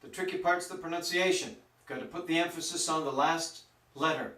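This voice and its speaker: A man teaching a Spanish grammar lesson, speaking slowly and stretching out words to show their pronunciation. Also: a little high, steady tone, sharp tone. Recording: roomy echo, mic some distance off.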